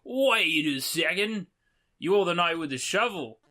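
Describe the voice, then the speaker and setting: A man voicing a boastful young male knight hero with boomerangs, in a hokey put-on Australian twang. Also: expressive, measured pace, bright, forceful tone, exaggerated voice. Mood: bold.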